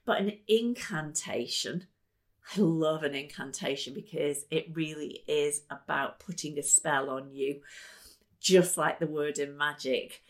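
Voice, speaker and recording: A woman's voice: low-pitched, measured pace. A woman hosting a podcast as a life coach, talking in an enthusiastic, emphatic and chatty way. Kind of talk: motivational podcast talk.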